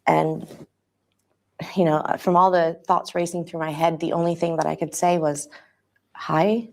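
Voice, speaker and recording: A woman giving an interview, speaking in a halting, hesitant way with many restarts as she recounts a personal account. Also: low voice, flat delivery, gravelly, darkish tone.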